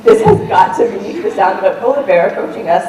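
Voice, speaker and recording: A woman's voice: medium pitch, very animated, fast, mellow. Woman speaker, casual storytelling talk with ums, distant mic, faint hum behind. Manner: conversational, with frequent ums and restarts. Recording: roomy and distant with faint noise.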